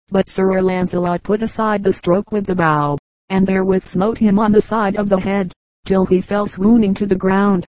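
A woman narrating an audiobook in a measured storytelling manner. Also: mid-range voice, a little mellow, dry recording, low-quality recording. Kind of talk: audiobook reading.

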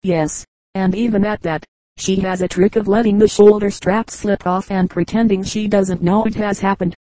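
A woman voicing a prim, disapproving young woman who gossips about a neighbor, read in a dark, dry audiobook voice. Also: mid-range voice, fairly even intonation, moderate pace, no echo, lightly acted, poor audio. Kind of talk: audiobook character reading.

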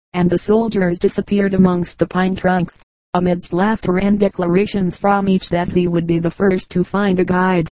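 A woman reading a children's book aloud in an even, measured way. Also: fairly low pitch, no echo, low-quality recording. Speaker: audiobook reader. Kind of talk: scripted narration.

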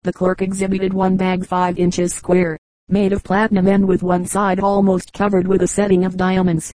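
Mellow woman reading humorous anecdotes. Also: mid-range voice, moderate pace, dry recording, poor audio. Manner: even storytelling read, voicing quoted lines. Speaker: audiobook narrator. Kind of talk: scripted narration of short humorous anecdotes.

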